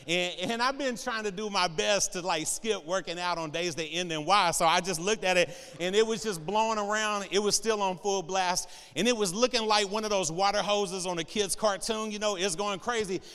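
A man in his forties delivers a humorous sermon with a high, bright voice. His tone is smooth and clear as he tells animated, joking stories and keeps checking in with "all right?" The sound carries a long reverb from a large hall. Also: normal speed, hardly any pauses.

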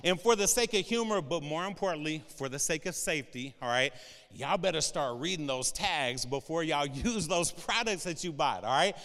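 High, bright-voiced joking preacher man. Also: normal speed, long reverb tail. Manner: animated, joking, tags lines with "all right?". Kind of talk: humorous sermon storytelling.

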